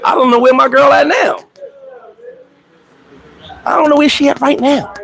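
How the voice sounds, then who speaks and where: A man's voice: steady tone, moderate pace, a bit bright, slight background noise. A man hosting a casual live chat, telling loose, profane stories full of slang and talking to friends by name. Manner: acts out quoted voices, swings pitch up high; talks to viewers and friends by name. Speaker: host.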